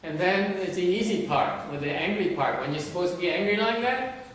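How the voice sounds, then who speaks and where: This time the teacher's voice is high and brisk with lively intonation, over a little hiss or hum. He talks informally to the group, teasing, restarting sentences, and posing questions, recorded from a distant mic in a very echoey room.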